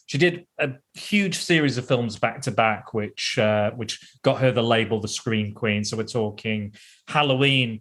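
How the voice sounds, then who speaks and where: A male podcast host at an ordinary middle pitch. He talks casually and rambles, restarting sentences and laughing as he goes. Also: fairly bright tone.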